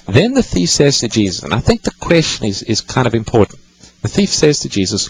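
Male call-in host with a husky voice, patiently teaching scripture to callers. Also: mid-range voice, very animated, a little fast, low-quality recording. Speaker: radio Bible-teaching host. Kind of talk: call-in radio Bible teaching.

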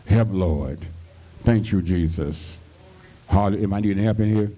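A man's voice: on the low side, steady tone, moderate pace, dark tone. A male pastor preaching a fervent radio sermon, constantly breaking into hallelujahs and praise. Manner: fervent, punctuated with constant hallelujahs and thank-you-Jesus.

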